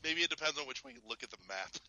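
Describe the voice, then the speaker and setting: A man's voice: mid-range voice, animated, racing, sharp tone, no echo, low-quality recording. A man co-hosting a gaming podcast, making dry wisecracks and swearing casually. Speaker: podcast co-host.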